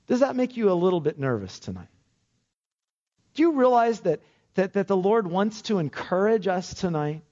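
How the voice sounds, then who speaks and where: A man's voice: high voice, very animated, normal speed, pauses often, mellow. A man preaching a sermon to a congregation, speaking with emphatic, rising lines and frequent questions to his listeners. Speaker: pastor. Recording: dull lo-fi sermon recording.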